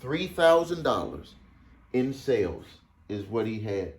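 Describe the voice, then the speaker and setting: A man's voice: mid-range voice, sing-song, measured pace. A man coaching small business owners, telling a client story casually to camera, often repeating phrases for emphasis.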